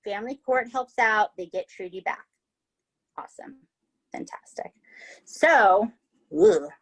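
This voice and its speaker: A woman's voice: on the high side, unhurried, a bit bright. Chatty woman podcaster telling a true-crime story. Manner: chatty, swears, tags lines with "right?" and "okay?". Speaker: podcast host.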